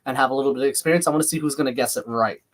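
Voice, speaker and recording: A man hosts a live watch-along stream, talking very fast in a mid-range voice with a slight lisp. He chats casually as he calls the action and reads out viewer comments.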